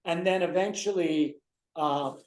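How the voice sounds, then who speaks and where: A man's voice: fairly high pitch, measured pace. A man in a casual chat, rambling through episode plots with lots of "you know"s. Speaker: guest co-host. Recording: roomy echo.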